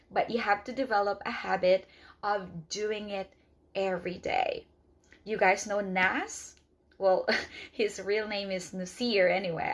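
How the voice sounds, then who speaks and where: Earnest woman teaching English to camera. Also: mid-range voice. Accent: non-native English speaker. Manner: earnest, explains step by step with many "okay"s. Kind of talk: casual spoken lesson to camera.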